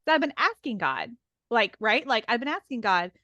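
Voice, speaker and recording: Earnest woman guest, slightly high voice. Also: sing-song, normal speed, bright, forceful tone, dry recording. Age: adult, taught and teaches women. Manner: earnest, laughs often, many "like" fillers. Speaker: podcast guest, author. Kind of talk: casual faith conversation.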